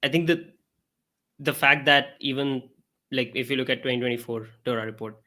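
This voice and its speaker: A man's voice: mid-range voice, a little fast, pushed and bright. A man co-hosting a casual interview who speaks hesitantly, with many filler sounds. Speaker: co-host.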